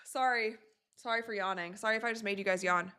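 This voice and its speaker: A woman's voice: mid-range voice, quick pace, clean tone, dry recording. Chatty woman hosting a game watch party. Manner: chatty, reads viewer comments, excited outbursts at plays. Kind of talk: casual live-stream chat and game reactions.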